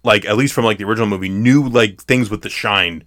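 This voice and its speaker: A man's voice: fairly low pitch, fast, a bit bright. A man co-hosting a casual film podcast, playful and jokey, breaking into sing-song asides. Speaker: podcast co-host. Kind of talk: casual chat about a film.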